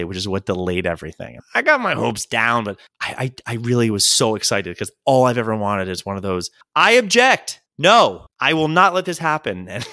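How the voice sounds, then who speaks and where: Animated man telling stories on a podcast. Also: no echo. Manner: animated storytelling, jumps into high squeaky voices for quoted people. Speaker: podcast host. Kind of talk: solo comedic podcast monologue.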